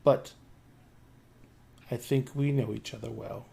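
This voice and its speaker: A man voicing a cold, oddly-voiced young noblewoman who speaks flatly and formally. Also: medium pitch, slow, creaky, pitched below the performer's own voice.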